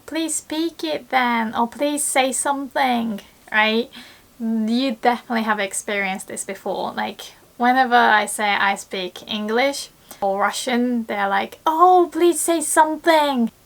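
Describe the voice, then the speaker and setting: A young woman teaching a lesson, often laughing and acting out quoted lines in a lively way. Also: on the high side. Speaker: Japanese language teacher. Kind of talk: online language lesson.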